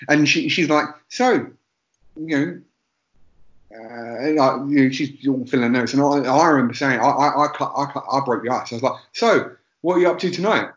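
A man's voice: medium pitch, steady tone, a little fast, fairly bright tone. Man, podcast co-host, rambling self-deprecating storyteller, roomy dull recording. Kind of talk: casual storytelling chat.

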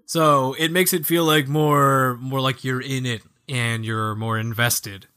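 A man co-hosting a podcast, chatting casually about video games in a jokey, animated way and acting out lines from the game. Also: medium pitch, measured pace, smooth. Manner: animated, jokey, acts out quoted game characters. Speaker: podcast co-host.

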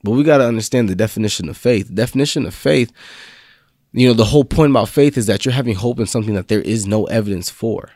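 A man's voice: lowish voice, quick pace, darkish tone, no room sound, clean studio sound. Laid-back young man giving a faith talk. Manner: laid-back slangy preaching, rising to fervent confessions. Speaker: faith vlog host. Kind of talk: casual motivational faith talk.

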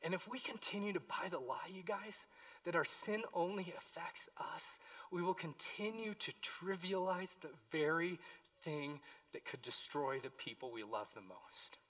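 A man preaching a sermon as pastor, impassioned, moving between hushed pleading and loud emphasis. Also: a little high, expressive, normal speed, recorded from a distance.

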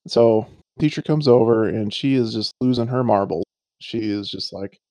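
A man's voice: mid-range voice, unhurried, dark tone, no echo. A man telling stories in casual chat, swearing, laughing and acting out the voices of people he quotes.

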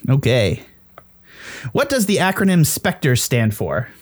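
A man's voice: medium pitch, huge pitch swings, slow. A man hosting a casual movie trivia game among friends, reading clues aloud and teasing the players. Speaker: quiz host.

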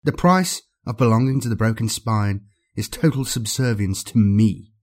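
A man voicing a cruel, imperious male alien overlord in an audiobook, cold and commanding, with drawn-out words. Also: on the low side, expressive, a little mellow. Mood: menacing. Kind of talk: audiobook character voice.

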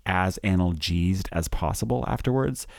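A man co-hosting a casual podcast chat on clinical practice, measured and agreeable as he thinks aloud. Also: deep voice, vocal fry, dry recording, studio quality. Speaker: anesthesiologist podcast co-host.

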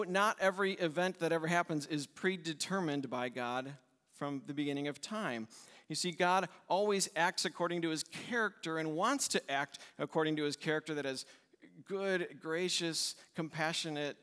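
A man's voice: fairly high pitch, bright, forceful tone, clean tone. A male pastor preaching a sermon with emphatic delivery, repeating key words in lists. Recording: long reverb in a church hall.

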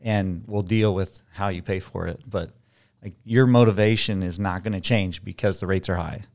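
A man with a fairly low voice talks openly about the ups and downs of selling houses. His delivery is candid and animated, with quoted thoughts acted out as he goes. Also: normal speed. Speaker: real estate agent guest. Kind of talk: casual interview chat.

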